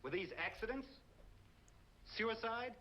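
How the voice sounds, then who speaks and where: An actor playing a calm, probing doctor in a 1950s horror film, speaking in a measured, stern way. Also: male voice, very high-pitched, dull audio, full character voice. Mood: grave. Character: calm, probing male doctor, middle-aged.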